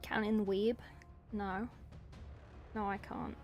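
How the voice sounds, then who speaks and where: A woman's voice: mid-range voice, level tone, takes it slowly, soft background music. A woman from England and New Zealand, with an English accent that carries New Zealand traces, chatting playfully with viewers while she paints miniatures and answering the chat in short bursts.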